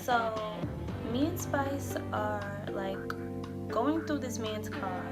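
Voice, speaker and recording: Over loud music, a vlogger in her young adult years tells a personal story slowly, her voice a little high with lively intonation. She's chatty and loose, cursing freely and using lots of "like" and "um."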